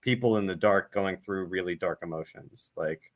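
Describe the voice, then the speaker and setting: A man hosting an interview, with a booming, animated way of talking. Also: normal speed. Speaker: host. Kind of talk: casual conversation.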